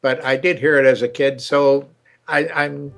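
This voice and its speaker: A man's voice: medium pitch, steady tone, creaky, fairly bright tone, soft background music. Older man telling a rambling joke. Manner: rambling, halting repetitions. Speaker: show host. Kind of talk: casual chat and joke telling.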